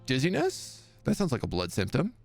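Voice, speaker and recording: A man's voice: lowish voice, animated, brisk, vocal fry, soft background music. A man streaming a video game, reading the on-screen text aloud and breaking off with jokey asides. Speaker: gaming streamer. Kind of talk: let's-play commentary.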